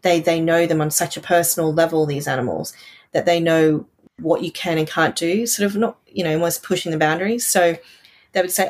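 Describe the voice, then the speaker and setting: A woman's voice: on the low side, normal speed. A woman co-hosting a casual podcast, talking about her trips with audible, smiling enthusiasm. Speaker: podcast co-host. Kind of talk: casual chat.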